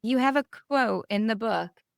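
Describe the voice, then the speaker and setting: A woman hosting a podcast interview who reacts warmly and asks short questions. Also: on the high side, a little slow, vocal fry, smooth, no room sound, studio quality. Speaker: podcast host.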